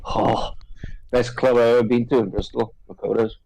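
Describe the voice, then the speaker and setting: A man's voice: medium pitch, little pitch movement, normal speed, gravelly, a little mellow, poor audio. A man co-hosting a casual chat, loose and laughing, swearing freely as he reminisces.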